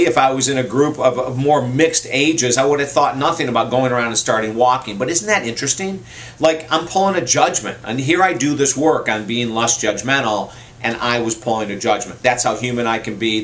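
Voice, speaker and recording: A man's voice: mid-range voice, a bit bright. A man giving a motivational message to camera, telling personal stories in an earnest, heartfelt way and repeating key points for emphasis. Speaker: motivational speaker.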